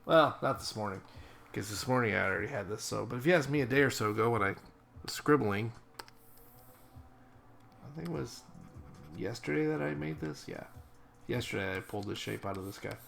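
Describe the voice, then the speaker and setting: A man's voice: mid-range voice, a little fast, vocal fry, pauses often, a bit bright. A man thinking aloud in a rambling, casual way as he paints a character digitally, often correcting himself mid-sentence. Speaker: digital artist.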